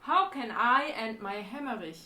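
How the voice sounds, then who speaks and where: A woman's voice: fairly high pitch, normal speed, sharp tone, soft background music. A woman co-hosting a casual livestream, chatting playfully with her partner. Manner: playful, chatty, laughs easily. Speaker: livestream co-host. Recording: echoey room.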